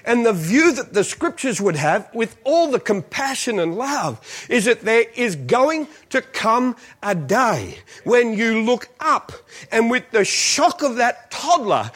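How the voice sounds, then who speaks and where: A man's voice: very high voice, a little slow. A man, a visiting preacher telling funny stories in a sermon. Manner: animated, jokey storytelling. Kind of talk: storytelling sermon. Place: church.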